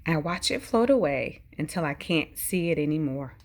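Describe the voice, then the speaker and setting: A woman hosting a bedtime read-aloud, narrating expressively and talking gently to the children listening. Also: low voice, lively intonation, moderate pace, a little hiss or hum. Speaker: host reading a bedtime story.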